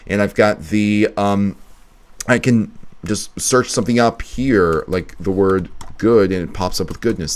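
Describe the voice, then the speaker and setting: While he cuts a video on a live stream, this man talks to himself in a relaxed way, thinking aloud as he goes. He has a low-pitched, slightly mellow voice.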